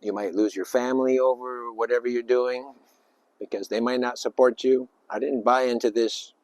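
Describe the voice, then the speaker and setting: A man giving an informal spiritual talk, rambling and emphatic, with sudden loud bursts and little acted-out voices. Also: medium pitch, fairly even intonation, moderate pace, no echo, dull audio. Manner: acts out little voices and sounds. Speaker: spiritual speaker.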